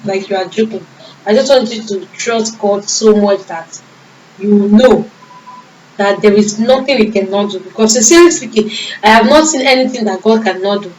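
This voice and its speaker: A woman's voice: medium pitch, normal speed, darkish tone, slight background noise. A young woman with a Nigerian accent, a vlogger telling a personal faith testimony in an earnest, emotional way. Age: young adult. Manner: earnest, emotional storytelling with reported dialogue. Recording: echoey room from a distance.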